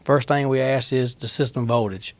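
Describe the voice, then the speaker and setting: A man's voice: mid-range voice, fairly even intonation, normal speed, no echo. Plain-spoken man, dry sound. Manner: plain-spoken, practical, matter-of-fact. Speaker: city utility line crew worker. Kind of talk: casual interview answers.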